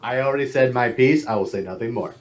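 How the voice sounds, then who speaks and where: A man's voice: mid-range voice, quick pace. A man co-hosting a casual podcast chat, explaining plot points hesitantly with many fillers and restarts. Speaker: podcast co-host.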